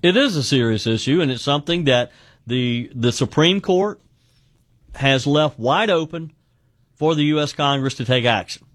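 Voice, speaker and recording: A man's voice: medium pitch, lively intonation, moderate pace, a bit bright, dry recording, studio quality. A man hosting a call-in talk radio show, talking conversationally and often repeating his first words. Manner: conversational, repeats words when starting sentences.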